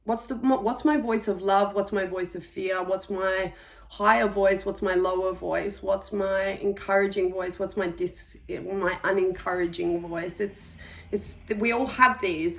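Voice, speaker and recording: A woman giving a spiritual energy reading for the month, talking in a gentle, reflective way with soft pauses. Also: medium pitch. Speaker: intuitive energy reader.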